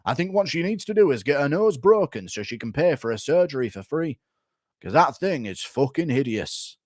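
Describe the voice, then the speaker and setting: A man's voice: on the high side, big pitch swings, moderate pace, darkish tone, no room sound, clean studio sound. A man voicing a crude young male fighter pundit who trades in offhand insults. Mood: mocking.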